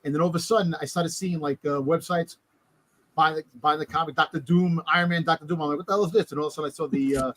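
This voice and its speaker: A man's voice: a little high, fairly even intonation, fast talker, a bit bright. A man co-hosting a podcast, rambling and restarting his sentences in casual chat. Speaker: podcast co-host.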